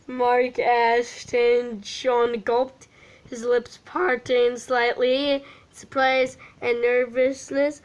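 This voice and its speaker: A woman's voice: a little high, level tone, very slow. A woman casually reading a fan story aloud, often stumbling over words and adding chatty asides. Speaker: fan fiction reader.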